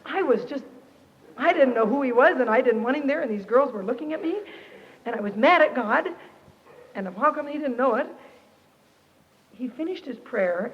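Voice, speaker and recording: A woman giving a personal testimony to a Christian camp audience, expressive and animated, acting out the people in her story. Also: on the high side. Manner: animated, expressive, quotes herself and others. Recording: dull lo-fi archive tape, reverberant hall.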